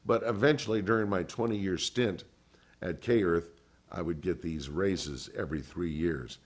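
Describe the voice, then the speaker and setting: A low-pitched older man, formerly a radio DJ, recounts stories at a measured pace for an oral history interview. He animates his tales by slipping into the voices of the people he quotes.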